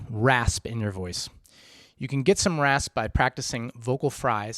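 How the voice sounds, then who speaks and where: A man at an ordinary middle pitch gives a voice lesson. He talks students through each step patiently and cheers them on. The recording is close and dry, with no room sound. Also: normal speed, fairly bright tone, dry recording. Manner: patient, encouraging, step-by-step explanations. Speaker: vocal coach. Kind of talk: instructional voice tutorial.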